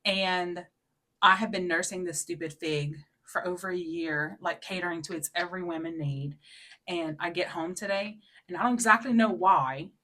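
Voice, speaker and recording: Her tone is steady and her pace moderate. She is a woman in her thirties co-hosting a podcast, narrating a story casually with many fillers, and she delivers acted-out quotes in a high, loud voice.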